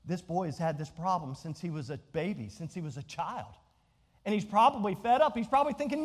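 A man's voice: high voice, expressive, a little fast. A man preaching a sermon as pastor, calling out questions to the congregation. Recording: long hall reverb.

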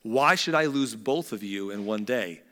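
A man's voice: fairly low pitch, expressive, normal speed, a bit bright, long reverb tail, voice pushed down. A man voicing a scheming, urgent mother. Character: scheming mother warning her favorite son.

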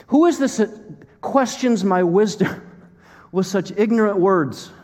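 A man's voice: high voice, lively intonation, measured pace, in a large hall, voice pushed up. A man voicing God as a mighty male figure who fires sarcastic, challenging questions. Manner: forceful, mocking rhetorical questions.

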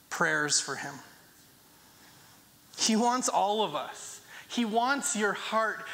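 A man's voice: high-pitched, sharp tone. A man preaching a sermon in a conversational way, acting out prayers with rising emphasis. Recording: long hall reverb.

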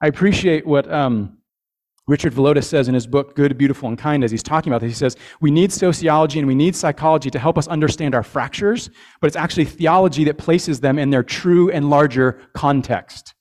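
A man's voice: a little high, a little fast, a little mellow. Male pastor, earnest sermon delivery, conversational, repeats words, checks in with the congregation.

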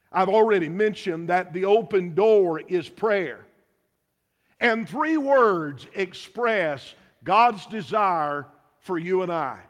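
Man preaching in a church, high voice, lots of rhetorical questions, long echoey reverb. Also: a bit bright. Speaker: pastor. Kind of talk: sermon.

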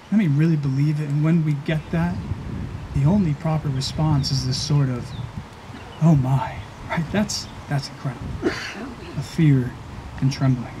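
High-voiced man preaching a sermon. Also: noisy background. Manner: earnest, emphatic preaching with slowed stressed phrases. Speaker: pastor.

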